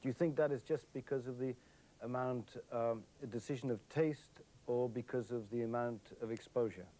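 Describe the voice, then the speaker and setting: Measured, mellow-voiced male interviewer. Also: mid-range voice, fairly even intonation. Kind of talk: asking a question.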